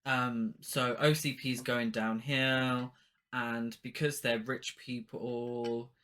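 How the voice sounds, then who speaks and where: Bright-voiced man recapping a film. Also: mid-range voice, flat delivery, slow pace. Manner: swearing, recapping plot with dry jokes. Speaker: podcast co-host. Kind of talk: casual film review chat.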